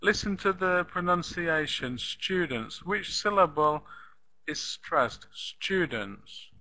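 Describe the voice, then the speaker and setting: A man's voice: high voice, slow, gravelly, bright, forceful tone, rough recording. A man teaching pronunciation in a live online class, patiently repeating example sentences and asking the students questions.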